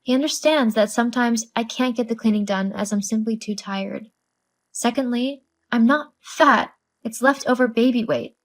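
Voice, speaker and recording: A woman's voice: fairly high pitch, close to an everyday voice. A woman voicing a tired young new mother who answers with dry sarcasm in a scripted story.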